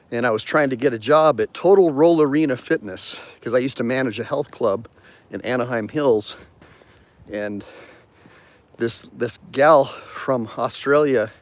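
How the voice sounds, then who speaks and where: A joking man in his fifties talks casually on a live stream, chuckling between thoughts. His voice sits at an ordinary middle pitch, and the tone stays loose and conversational. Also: no echo. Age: 50s. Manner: chatty and joking, laughs often. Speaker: attorney hosting a live stream. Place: outdoors in a park on a cold morning.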